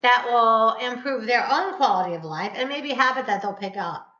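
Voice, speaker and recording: A woman's voice: fairly high pitch, moderate pace, sharp tone. A woman hosting a casual chat, talking in a chatty, teasing way. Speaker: host. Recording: roomy, dull lo-fi sound.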